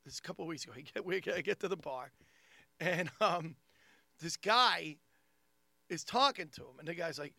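A man's voice: on the high side, normal speed, creaky, long pauses, dry recording, studio quality. A man with a thick Long Island accent, a comedian telling a story in casual chat and acting out the people in it. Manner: animated, acts out people in his stories. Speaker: comedian and podcast host.

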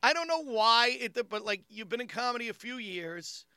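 High, bright Long Island comedian. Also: male voice, moderate pace, clean tone, no echo, studio quality. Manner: animated, acts out people in his stories. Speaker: comedian and podcast host. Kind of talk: casual storytelling chat.

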